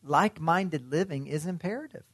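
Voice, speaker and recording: A man's voice: on the high side, moderate pace, breathy edge, no echo, clean studio sound. A man preaching a sermon in a conversational way, often asking his listeners questions. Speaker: pastor.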